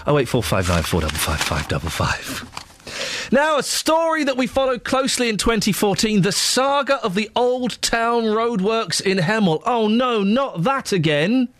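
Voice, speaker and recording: A man's voice: sits high, a bit bright, no echo. A man hosting a casual radio show, playful and jokey, with stammering restarts. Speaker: radio presenter. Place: radio studio. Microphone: studio microphone.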